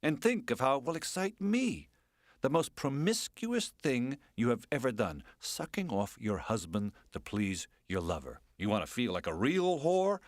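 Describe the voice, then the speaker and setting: A man reading the part of a sardonic, provocative aging man in an audiobook, speaking in a mock-gentle, coaxing, teasing way. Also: medium pitch, big pitch swings, moderate pace, dry recording, studio quality, voice pushed up, lightly acted. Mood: taunting.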